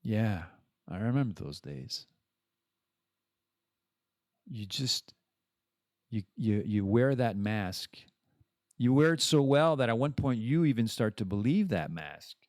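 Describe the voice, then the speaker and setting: A man's voice: mid-range voice, big pitch swings, a little slow, long pauses, darkish tone, no echo, clean studio sound. A man hosting a podcast, talking in a rambling, casual monologue full of restarts and the odd swear word. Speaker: podcast host.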